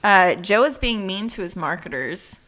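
A woman co-hosting a casual podcast, recapping episodes and acting out characters' lines with sudden high-pitched outbursts. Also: expressive, normal speed, fairly bright tone. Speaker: podcast co-host.

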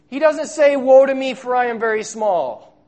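A male pastor preaching a sermon, stressing words loudly and repeating them, then dropping to hushed, low lines. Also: lively intonation, moderate pace. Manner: emphatic, swinging between loud stresses and hushed low lines.

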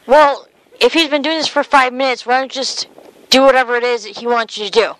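A woman's voice: high voice, fairly even intonation, quick pace, fairly bright tone, dry recording. A woman playing a rude, insulting hotel desk manager on a prank phone call, blunt and condescending.

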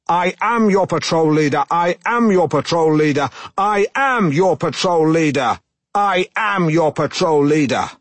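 A pompous broadcaster. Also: male voice, mid-range voice, breathy edge, no room sound, exaggerated voice. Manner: pompous, self-regarding, deadpan. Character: pompous self-important middle-aged male broadcaster. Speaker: narrator of own memoir. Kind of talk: comic audiobook narration.

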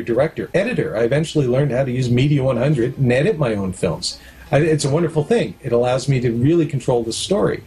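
A middle-aged man talks frankly about his work in an interview, with a mid-range voice. He explains things with homely comparisons and a storyteller's ease. Faint music plays softly underneath. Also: mid-range voice. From Canada. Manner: candid, anecdotal, explains with analogies. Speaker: documentary producer and director. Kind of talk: casual interview talk.

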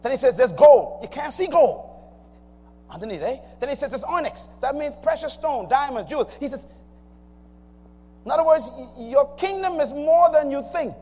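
A man's voice: very high-pitched, animated, moderate pace, pauses often, a little mellow. A man preaching a sermon, emphatic and calling out to the congregation. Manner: emphatic call-and-response preaching. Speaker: pastor. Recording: long hall reverb, faint noise.

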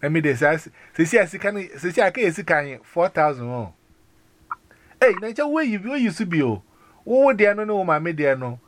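Animated Ghanaian man on a call. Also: high voice, fairly quick, a little hiss or hum. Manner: animated, rambling, many restarts and exclamations. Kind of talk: casual phone chat mixing Twi and English.

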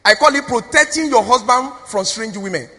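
A woman's voice: on the high side, lively intonation, normal speed, sharp tone, slightly rough. A woman with a Nigerian accent preaching a sermon in a church, exhorting the congregation with call-and-response questions. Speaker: preacher, pastor's wife. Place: church hall. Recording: long reverb of a church hall.

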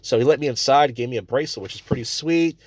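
A man's voice: medium pitch, quick pace, darkish tone, slightly rough, no room sound. A man hosting a comedy podcast, ranting crudely and rambling between stories. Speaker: podcast host.

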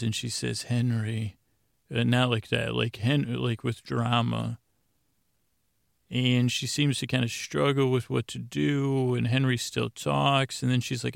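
In a clean, dry studio recording, a man with a medium-pitched, gravelly voice hosts a podcast, recapping a TV episode casually and ramblingly, restarting often.

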